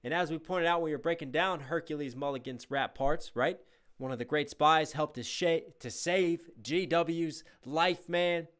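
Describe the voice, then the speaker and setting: A man's voice: a little high, normal speed, fairly bright tone, clean tone. Enthusiastic man breaking down rap. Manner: enthusiastic, analytical, imitates flows with scat syllables. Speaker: reaction video host, rapper. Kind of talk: casual music breakdown commentary.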